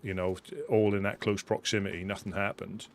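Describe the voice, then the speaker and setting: A man with a deep, low voice chats casually during a game. He tells stories in a steady, level way, his pitch barely moving. A faint hiss runs underneath. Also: brisk. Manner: steady, level storytelling with fillers. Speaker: fellow player. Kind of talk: casual chat while gaming.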